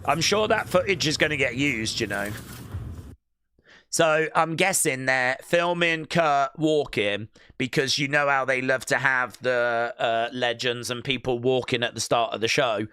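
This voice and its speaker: Chatty male streamer musing aloud, smooth tone, dry sound. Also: mid-range voice, a little slow, bright, forceful tone, no room sound. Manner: reads news items aloud to viewers. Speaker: wrestling stream host. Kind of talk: live watch-along commentary.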